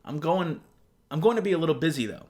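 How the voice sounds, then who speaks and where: A man reading out the texts of a polite young woman declining a date, calmly and matter-of-factly. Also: on the high side, quick pace, close to an everyday voice.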